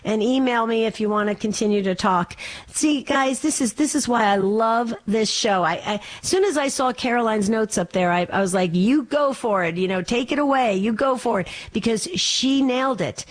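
A woman hosting a call-in radio program and encouraging her callers. Her voice sits a little high, and she often repeats words as she builds up her points. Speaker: radio call-in show host and life coach.

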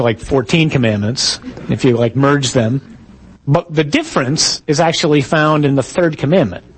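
A man's voice: fairly high pitch, husky, rough recording. A man, a priest, giving a conversational teaching talk to a live audience, with jokes and stories along the way. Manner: conversational, joking, tells stories.

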